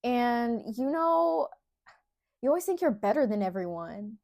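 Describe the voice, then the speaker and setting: A woman's voice: fairly high pitch, sing-song, a little slow, darkish tone, pitched above the performer's own voice. Woman doing her defensive friend, exasperated, kinda accusing.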